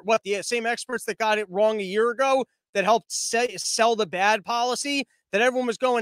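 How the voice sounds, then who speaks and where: A man giving casual, sarcastic political commentary, mocking and quick. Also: extremely high pitch, steady tone, fairly bright tone, dry recording. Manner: sarcastic, mocking, fast-talking.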